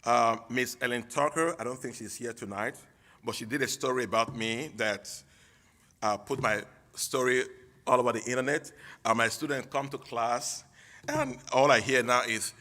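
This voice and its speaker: A man in his forties with a Texan accent, a teacher giving a heartfelt, somewhat halting acceptance speech at a dinner. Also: medium pitch, pushed and bright. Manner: heartfelt, halting, with fillers and restarts. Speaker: award-receiving teacher. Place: banquet hall.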